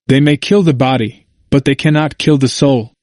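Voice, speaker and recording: A man voicing a dying male reformer who speaks calmly and resolutely. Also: mid-range voice, normal speed, no room sound, clean studio sound, lightly acted. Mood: steadfast.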